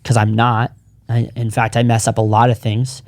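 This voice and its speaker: A man's voice: mid-range voice, monotone, normal speed, darkish tone, no echo, clean studio sound. A man in his thirties, a podcast co-founder, telling his personal story in casual chat, earnest and rambling with frequent restarts.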